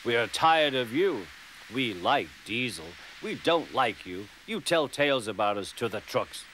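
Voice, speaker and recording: A man's voice: mid-range voice, big pitch swings, measured pace, a bit bright. A man voicing proud, resentful steam engines who hiss their complaints. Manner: hissing, resentful. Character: haughty grumbling male steam engines. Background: music.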